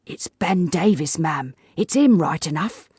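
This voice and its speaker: A woman voicing a meek, wheedling working-class old sailor with rough grammar. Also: low-pitched, expressive, measured pace, a little mellow, no room sound, clean studio sound, full character voice. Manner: rough uneducated grammar, pleading.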